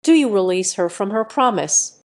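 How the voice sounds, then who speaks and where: Calm, direct jungle-raised man, read by a synthetic woman's voice, plain delivery. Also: mid-range voice, moderate pace, close to an everyday voice. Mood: calm firm.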